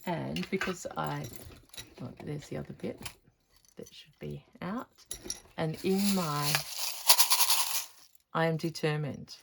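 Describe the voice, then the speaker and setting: Slow, low-voiced woman with gravelly fry. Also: very noisy. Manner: chatty, thinks aloud while working. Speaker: textile artist showing her stitching. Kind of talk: casual crafting vlog.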